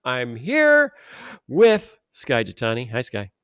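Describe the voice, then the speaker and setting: A man's voice: medium pitch, wildly swooping pitch, slow, smooth, no room sound, studio quality. A middle-aged man hosting a podcast in casual, joking chat with his co-hosts. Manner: playful, joking, sings a silly theme song. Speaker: podcast host.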